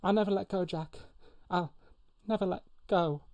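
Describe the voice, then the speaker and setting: A man voicing a young woman clinging on and pleading, in a high strained falsetto. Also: moderate pace, darkish tone, dull audio. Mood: desperate.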